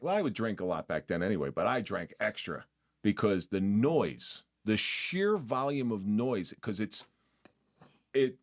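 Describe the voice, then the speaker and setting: A middle-aged man hosting a podcast in casual conversation. He jokes and teases, and often restarts his sentences. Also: medium pitch. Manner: joking, teasing, with frequent restarts. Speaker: podcast host.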